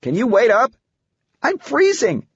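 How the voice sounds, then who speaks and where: A man's voice: very animated, a little slow, vocal fry, husky, no room sound, full character voice. Man voicing a teenage girl, playful and incredulous. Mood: shivering, complaining. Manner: high, teasing, exclaiming. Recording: dull, muffled audiobook recording.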